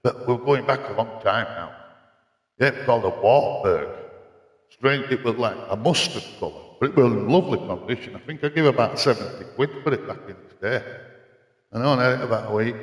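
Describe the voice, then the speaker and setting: A man's voice: medium pitch, brisk. An older grandad, chatting loosely on a live racing-game stream and wandering off into long stories as he answers his viewers. His voice rings around a roomy space, and a long reverb tail hangs after each phrase. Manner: rambling anecdotal storytelling, answering chat. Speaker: livestreamer. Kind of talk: casual live gaming stream chat. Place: home racing-sim rig room.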